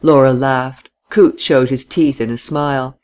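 A narrator reading a classic novel aloud in a steady, measured way. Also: medium pitch.

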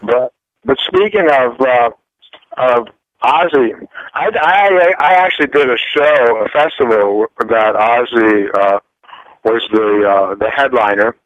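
A man's voice: mid-range voice, slow, no room sound. A man from France speaks as a guest musician in a casual radio interview, telling stories in a rambling way and repeating his words. The sound is dull and lo-fi, and dry.

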